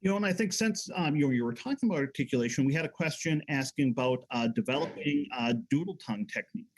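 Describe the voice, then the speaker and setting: A man with a somewhat higher voice hosts a casual livestream, friendly and easygoing. He relays viewer questions to his guest, stringing them along with ums and uhs. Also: expressive, quick pace.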